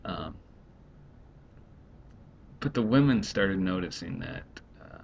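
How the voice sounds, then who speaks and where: A man's voice: lively intonation, vocal fry. A man in his thirties, a stay-at-home dad, rambling and exasperated in a casual vlog monologue. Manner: rambling, exasperated, quickly acts out others. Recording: dull lo-fi home recording, faint rumble.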